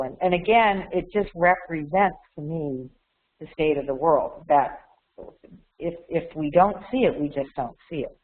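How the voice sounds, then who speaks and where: A woman giving a candid, reflective talk on a webinar, often repeating words and restarting. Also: low-pitched. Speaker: webinar speaker. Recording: tinny phone-like line.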